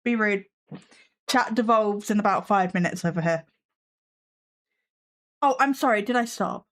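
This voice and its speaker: A woman's voice: mid-range voice, expressive, normal speed. A woman hosting a casual live stream from her desk at home, chatting with viewers and her cat with a sarcastic, self-mocking humor.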